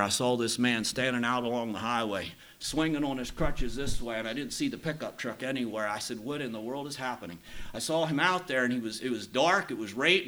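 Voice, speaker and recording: A man's voice: mid-range voice, a bit bright. A middle-aged man preaching, telling a personal story in a plain-spoken, folksy way. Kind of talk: sermon storytelling.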